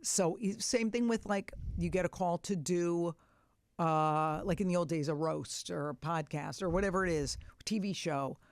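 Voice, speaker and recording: A woman's voice: fairly low pitch, normal speed, no room sound, clean studio sound. A woman in her sixties hosting a podcast, talking bluntly and candidly with some swearing. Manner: blunt and profane, acts out inner voices. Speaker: podcast host.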